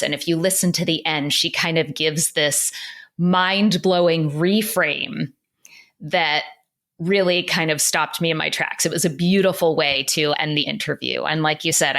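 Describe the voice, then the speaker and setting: A woman's voice: deep voice, creaky, a bit bright. A woman podcast host introducing and interviewing a guest in an earnest, effusive way.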